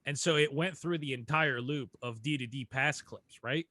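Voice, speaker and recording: A man's voice: mid-range voice, normal speed, sharp tone. A young man co-hosting a casual hockey podcast, talking animatedly, laughing often and swearing casually. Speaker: podcast co-host. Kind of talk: casual chat.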